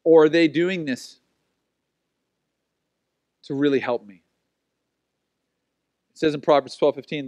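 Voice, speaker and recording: A man in his forties preaching with a high voice that sounds close and dry. He tells stories about himself in an animated, self-mocking way and then turns back to his message. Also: a little slow, pauses often, no room sound. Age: 40s. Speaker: pastor. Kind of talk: sermon with personal stories.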